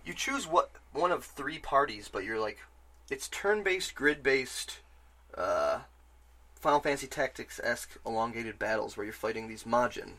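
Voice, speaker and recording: Bright-voiced man ranting about games. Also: medium pitch, normal speed. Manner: rambling, excitable, swears freely. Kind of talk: casual game chat.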